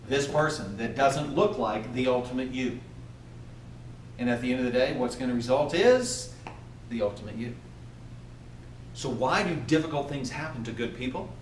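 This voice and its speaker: Man leading a training session, animated, quizzes the audience, distant mic, roomy echo, faint hum. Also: mid-range voice, normal speed, pauses often. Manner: animated, asks the audience questions. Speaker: workplace trainer. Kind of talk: motivational training talk. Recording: echoey room from far off.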